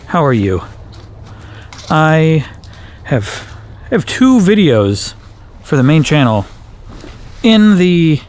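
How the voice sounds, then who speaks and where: A man from Wisconsin chatting casually to camera outdoors in his backyard, rambling and correcting himself, often jumping up in pitch for emphasis. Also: a little mellow. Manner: rambling, self-correcting, playful, with big jumps up in pitch. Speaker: YouTuber. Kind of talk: casual vlog chat.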